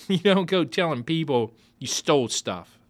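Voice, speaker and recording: A man voicing a rough, bossy young runaway boy who taunts and growls. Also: a little high, animated, measured pace, pitched above the performer's own voice. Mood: taunting.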